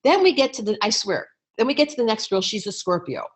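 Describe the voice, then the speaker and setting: A middle-aged woman speaks in a fairly high voice and tells an audience a story with energy. She works as an astrologer and acts out the lines she quotes. Now and then she clears her throat. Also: fast talker. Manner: lively storyteller, acts out quotes with raised pitch. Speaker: astrologer and teacher.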